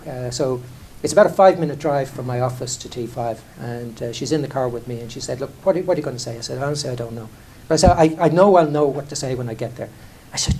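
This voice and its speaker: Middle-aged Irish man, executive; candid anecdotal delivery, mid-pitched, faint noise underneath. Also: dark tone. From Ireland. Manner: conversational, self-deprecating, frequent restarts and "you know". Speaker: airline chief executive. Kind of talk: candid anecdotal talk on stage.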